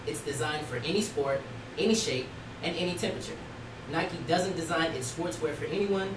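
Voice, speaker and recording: A man's voice: on the high side, fairly quick, echoey room, distant mic, background noise. A man reading a sportswear ad script aloud in a stiff, read-out way.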